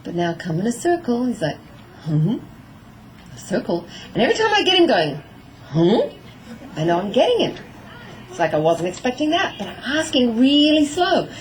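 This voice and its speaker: A middle-aged woman giving a lively talk on horse training to an audience, acting out little exchanges with her horse. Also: fairly high pitch, fairly quick, slight background noise, low-quality recording. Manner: animated, acting out voices of herself and her horse.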